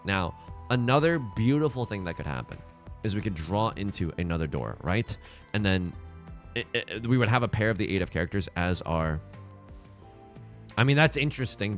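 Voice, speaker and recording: A man with a fairly low pitch and fairly bright tone hosts a let's play, commentating on his game. He jokes playfully, talks to himself, and repeats phrases as he goes.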